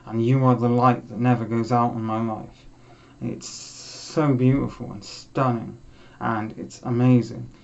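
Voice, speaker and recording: A young man talks casually as a music vlog host, heartfelt and halting, often stopping and restarting his sentences. His voice sits at an ordinary middle pitch. The sound is muffled and lo-fi. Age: young adult. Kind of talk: casual chat.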